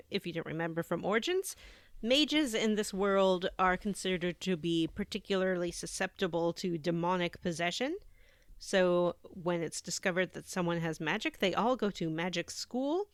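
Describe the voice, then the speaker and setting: A woman co-hosts a casual gaming podcast and retells the story with plenty of animation. Her pitch moves around a lot as she talks. The recording is dry and close. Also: normal speed, no room sound. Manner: animated storyteller who acts out characters. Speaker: podcast co-host.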